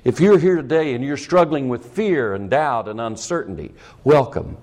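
Animated preaching man. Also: normal speed. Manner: animated preaching, rising to emphatic high peaks. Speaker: pastor. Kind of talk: sermon.

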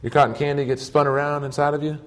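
A man's voice: on the high side, little pitch movement, fast talker. A man preaching a sermon, telling stories earnestly in short emphatic phrases.

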